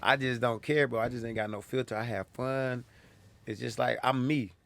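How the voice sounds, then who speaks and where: A young male comedian, appearing as a guest, speaks at a normal speed in a mid-range voice with vocal fry. In a casual chat he tells stories from his life, animatedly acting out the lines of the people in them.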